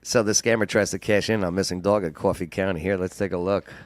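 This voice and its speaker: A man's voice: low-pitched, fairly even intonation, fast talker, no room sound. A man hosting a casual chat, joking and sarcastic. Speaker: host.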